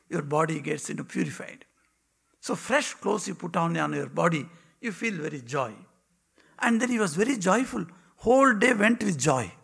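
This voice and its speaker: Gravelly man telling devotional stories. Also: on the high side. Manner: dramatic pauses, drops to a hushed whisper. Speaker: monk giving a spiritual talk. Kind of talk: devotional storytelling.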